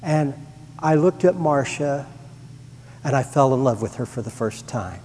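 A man's voice: medium pitch, expressive, measured pace, a little mellow, big-room sound, a little hiss or hum. A middle-aged man giving a personal testimony to a congregation, earnest and rising to emphatic. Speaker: church member giving testimony.

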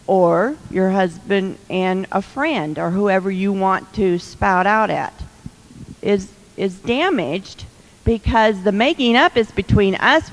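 A woman giving humorous marriage advice to a live audience, chatty, with teasing asides and laughs. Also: medium pitch. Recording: long hall reverb.

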